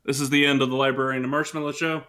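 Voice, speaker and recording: A man's voice: medium pitch, level tone, very fast, pushed and bright. A man co-hosting a streamed podcast, easygoing and teasing while he signs off, with the hiccups. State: has the hiccups. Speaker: podcast co-host. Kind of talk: casual stream chat, signing off.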